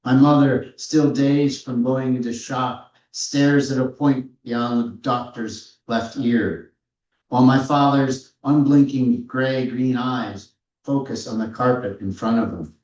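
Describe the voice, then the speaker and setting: A man in his fifties, an author giving a measured, reflective reading from his memoir at a live authors' event. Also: medium pitch, steady tone, a little mellow. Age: 50s. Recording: roomy, distant, dull-sounding hall recording.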